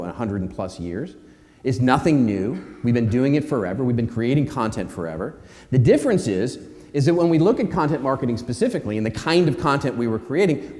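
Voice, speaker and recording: A man's voice: medium pitch, a little mellow. A man giving a conference keynote speech, emphatic, repeating phrases and asking the audience questions. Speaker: keynote speaker. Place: conference hall. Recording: hall reverb.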